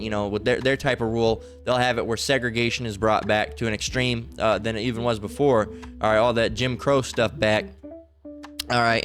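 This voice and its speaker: A man's voice: lowish voice, fairly bright tone. A man talking in loose, rambling commentary who keeps checking in with "all right?" between thoughts. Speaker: religious commentator. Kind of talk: casual spoken commentary.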